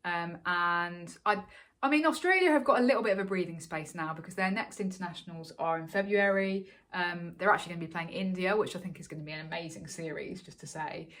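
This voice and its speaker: A woman's voice: fairly low pitch, brisk, a bit bright. A woman co-hosting a cricket podcast, talking casually with lots of fillers and restarts. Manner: chatty, many fillers and restarts. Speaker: podcast co-host.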